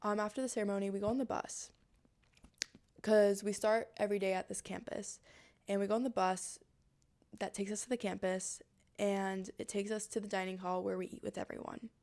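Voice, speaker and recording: A woman's voice: mid-range voice, level tone, a little fast, darkish tone. A woman podcast host telling a personal story in a casual, rambling way, full of "like" fillers. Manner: rambling, heavy use of "like" fillers.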